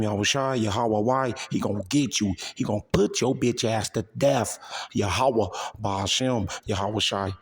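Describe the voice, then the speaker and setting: A man's voice: on the low side, a little mellow, husky. A man preaching in a confrontational, profane way who keeps taunting his listeners with "you see?". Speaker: religious speaker. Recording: long hall reverb.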